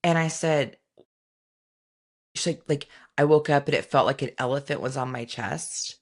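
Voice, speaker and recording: A middle-aged woman co-hosting a podcast, chatting casually and telling animated stories with sudden high-pitched acted-out moments. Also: moderate pace. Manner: animated storytelling, jumps into high excited voices when acting out scenes. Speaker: podcast co-host. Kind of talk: casual chat.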